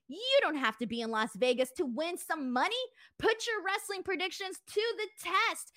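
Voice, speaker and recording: A woman's voice: high voice, a bit bright, no echo, studio quality. A young woman hosting a wrestling talk show, chatting casually with lots of fillers and reading a sponsor spot in an upbeat way. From Southern California.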